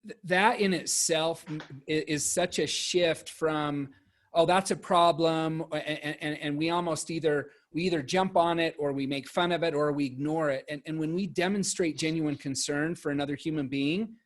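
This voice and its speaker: Halting, higher-voiced male moderator. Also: fairly even intonation. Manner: halting, often restarts and repeats words. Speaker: panel moderator. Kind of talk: virtual panel discussion. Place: home, on a video call.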